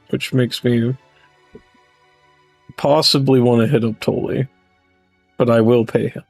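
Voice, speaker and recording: A man's voice: medium pitch, gravelly, darkish tone, no echo. A man hosting a game livestream, chatting casually with friends, swearing and laughing easily. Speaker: livestream host. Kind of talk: casual gaming chat.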